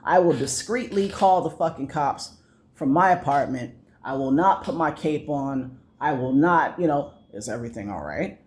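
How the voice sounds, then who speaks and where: A man's voice: fairly high pitch, a little slow. A young man ranting casually to camera, swearing often and rambling with many fillers and restarts. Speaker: vlogger.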